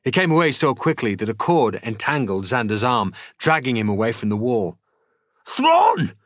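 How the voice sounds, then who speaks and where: A man reading a novel aloud in an expressive, dramatic audiobook style as a streamer. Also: medium pitch, a little fast, dry recording, studio quality.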